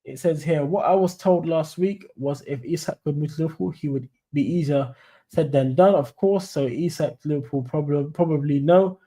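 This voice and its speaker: A man's voice: a little high, moderate pace, mellow. A young man from London with a London accent, chatting casually on a football fan live stream in a rambling, friendly way. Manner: chatty, rambling, says "mate" and "you know what I'm saying".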